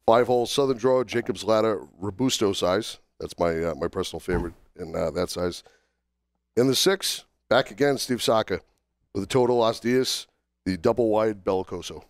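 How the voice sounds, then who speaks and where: Low, smooth-voiced man under the weather. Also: no room sound. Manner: halting, many fillers and restarts while listing. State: under the weather, on cold medicine. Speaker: podcast co-host. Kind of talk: casual podcast chat.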